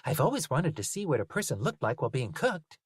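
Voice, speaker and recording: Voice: medium pitch, big pitch swings, quick pace, breathy edge, no echo, studio quality, voice pushed up. A reader voicing a mischievous, theatrical young boy who leads the group in an audiobook. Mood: bossy. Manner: bossy and theatrical. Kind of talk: audiobook character voice.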